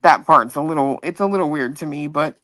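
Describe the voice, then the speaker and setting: A woman co-hosting a casual chat, relaxed and drawling with many likes. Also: deep voice, brisk, no room sound.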